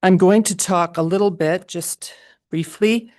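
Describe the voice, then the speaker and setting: A woman giving a measured, formal public comment at a meeting, speaking precisely. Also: lowish voice, darkish tone.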